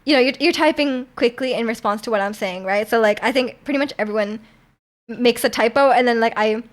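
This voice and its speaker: Young woman, high voice, from canada, rambling stream chat, desk mic. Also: a little fast. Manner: rambling, many "like" fillers and laughs. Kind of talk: casual chat with viewers.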